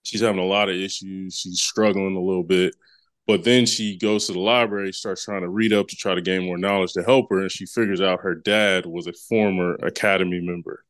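A man's voice: low-pitched, fairly even intonation, fairly quick, fairly bright tone, no echo. A man co-hosting a podcast, casually recapping a comic book story in a rambling way with many fillers and restarts. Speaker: podcast co-host.

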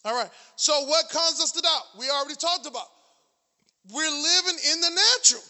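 A middle-aged man preaching in a very high, piercingly bright voice, climbing into shouts and hammering the same phrases again and again. His sermon rings out with a long reverb in a church hall. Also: moderate pace. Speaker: pastor.

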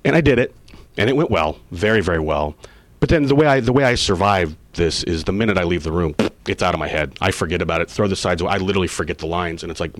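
A man in his forties, an actor being interviewed, telling stories casually and acting out quoted lines with big jumps in pitch. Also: fast, dry recording. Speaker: actor guest.

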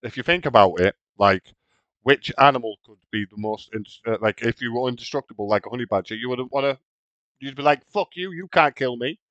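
A man's voice: mid-range voice, a little fast, a bit bright, no room sound. A man co-hosting a podcast, cheeky and crude, chatting casually. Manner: crude, self-mocking, cheeky. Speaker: podcast co-host. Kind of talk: casual chat. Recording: dull, muffled mic.

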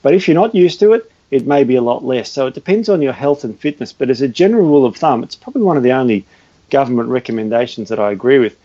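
An Australian man in easy explanatory chat, earnest and talkative, stumbling and restarting as he goes. His voice sits at an ordinary pitch in a very dry, close sound. The recording is a little dull and lo-fi. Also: expressive, fast, dark tone, no echo. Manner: chatty, restarts often, earnest. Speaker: health and fitness guest expert.

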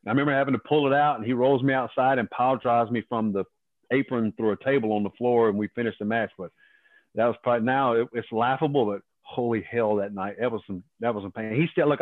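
A man in his fifties, a former wrestler, telling profane, animated stories as a guest and acting out other people's lines. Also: mid-range voice, no room sound. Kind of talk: casual storytelling. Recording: dry tinny phone line.

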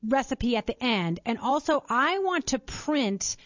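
A woman hosts a radio interview with eager, enthusiastic praise, her voice a little high. The studio sound is dry and slightly dull. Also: animated, measured pace, a bit bright, dry recording. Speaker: radio host.

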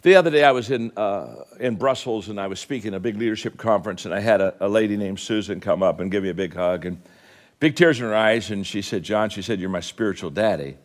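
A man preaching a sermon, telling stories with quoted dialogue, rising to fervent exhortation and closing in soft prayer. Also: fast talker. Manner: impassioned, climbing high and loud when exhorting. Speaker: guest preacher.

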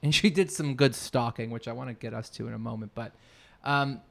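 A man's voice: medium pitch, a little fast, creaky. A man co-hosting a podcast in casual chat, rambling and searching for his words mid-sentence. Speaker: podcast co-host.

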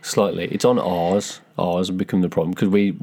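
A man's voice: low voice, flat delivery, moderate pace, mellow. A man, chatting casually and teasing his partner with jokey impressions. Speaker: co-host. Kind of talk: casual chat.

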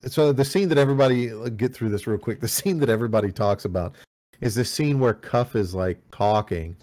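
A man's voice: mid-range voice, brisk, darkish tone. Rambling, cursing male podcast host. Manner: rambling, profane, with many restarts. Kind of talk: casual game review chat.

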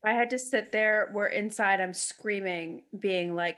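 A woman's voice: mid-range voice, unhurried, few pauses, sharp tone. A woman in a candid conversation, blunt and emotional, swearing freely and acting out her inner voice. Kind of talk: casual heart-to-heart chat.

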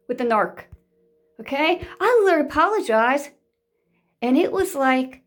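A woman talking straight to her viewers in a casual monologue. She is blunt and emphatic, repeats herself for emphasis, and swears freely. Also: high voice.

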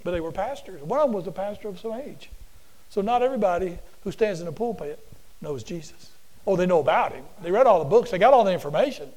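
Man, preacher, high-pitched, folksy, animated, repetitive, storytelling sermon. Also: fast, rough recording. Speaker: preacher and teacher.

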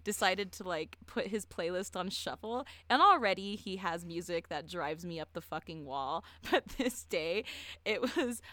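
A young woman co-hosting a podcast, telling a story in a chatty, profane way, full of "like" and quick laughs. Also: lowish voice, expressive, bright, forceful tone, dry recording. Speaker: podcast co-host. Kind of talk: casual chat.

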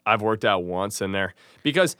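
Bright-voiced easygoing guy from Chicago. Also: on the low side, expressive, normal speed, smooth, dry recording, studio quality. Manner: easygoing, lots of slangy agreement. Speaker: guest, skateboard maker. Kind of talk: casual chat.

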